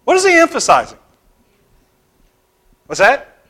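A man teaching a Bible class, putting questions to the students and pausing with fillers. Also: extremely high pitch, wildly swooping pitch, sharp tone.

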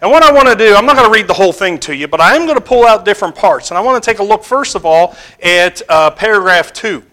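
A man teaching a Bible class, putting questions to the students and pausing with fillers. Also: sits high, animated, bright, forceful tone.

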